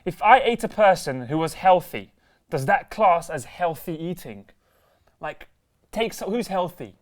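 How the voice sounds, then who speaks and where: A man's voice: a little high, animated, measured pace. A young man co-hosting a casual football chat show, joking and reading out viewer comments. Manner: jokey, reads viewer comments aloud. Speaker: co-host.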